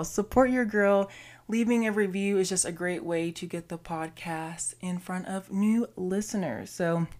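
A woman's voice: medium pitch, darkish tone. A young woman, hosting her podcast in a bubbly, gushing, chatty way. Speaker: podcast host. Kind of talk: solo podcast intro.

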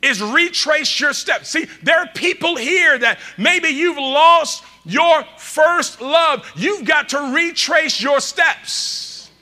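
A man pastor preaching a sermon, calling out to the congregation and swinging between loud bursts and quiet asides. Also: very high voice, lively intonation, slow pace, few pauses.

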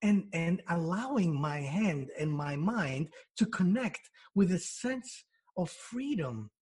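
A man's voice: high-pitched, lively intonation, slow, darkish tone, breathy edge. A man who works as a hypnotherapist, explaining ideas in an interview through everyday examples, with frequent restarts.

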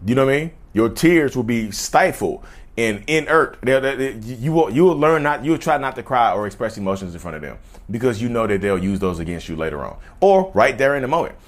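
A man's voice: mid-range voice, sing-song, a little fast. A man vlogging in a casual, rambling way, often restarting phrases and speaking straight to his viewers. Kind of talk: casual direct-to-camera talk.

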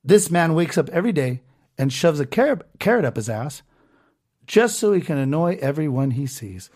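Swearing freely, a man hosting a profane podcast reacts to online comments he reads out, rambling on casually. His slightly mellow voice sits somewhat high for a man, with a sing-song quality and normal speed.

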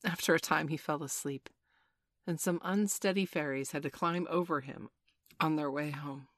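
A woman narrating a classic children's storybook in a gentle, measured way. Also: low voice, dry recording. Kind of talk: storybook reading.

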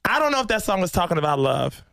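A man hosting a podcast in casual chat, animated and hyping his guest, now and then singing lines of songs. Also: high voice, fast talker, creaky, no echo. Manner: animated, hypes guest, sings lyrics. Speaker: podcast host.

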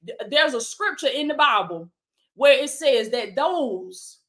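A life coach and preacher delivers a motivational sermon on a livestream, calling out "come on now" and "baby" and reading viewer comments aloud. Her voice is high-pitched, expressive and a bit bright, and she speaks a little slowly.

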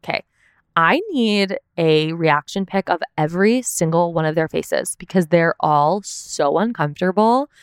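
A woman's voice: fairly low pitch, unhurried, smooth, no echo, studio quality. A young woman hosting a casual recap podcast, chatty and full of "like" fillers.

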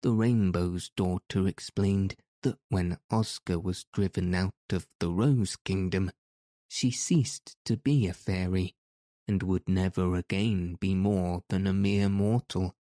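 Slow, deep-voiced man reading a storybook. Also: steady tone, mellow, no echo, studio quality. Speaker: audiobook narrator. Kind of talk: scripted narration.

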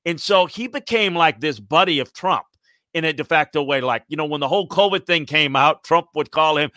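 An older man talks sports in a loose, rambling way, stopping and restarting his sentences as he goes. His voice is bright and forceful, and the sound is dry and close. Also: fairly high pitch, brisk, no echo. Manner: rambling, animated, many restarts. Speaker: sports commentator. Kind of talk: casual sports talk.

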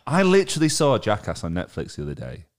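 Lively, teasing man. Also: fairly low pitch, quick pace. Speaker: podcast co-host. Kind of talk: casual chat.

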